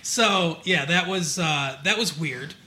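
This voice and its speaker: A man's voice: on the high side, slow pace, sharp tone. A man from Michigan co-hosting a podcast, recapping a TV episode in a rambling, casual way full of fillers and asides. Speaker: podcast co-host.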